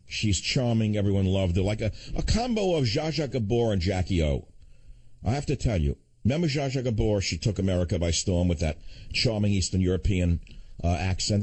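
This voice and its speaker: A man's voice: on the low side, animated, a little fast, a little mellow, husky. An older man hosting a political talk radio show, combative and sarcastic, rambling through asides.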